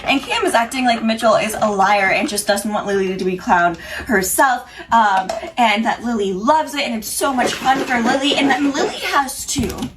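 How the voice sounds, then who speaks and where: A woman's voice: a little high, normal speed, hardly any pauses, background noise. A young woman chatting casually to camera, recapping TV episodes in a rambling, opinionated way with frequent restarts. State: has the hiccups. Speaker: pop culture commentator.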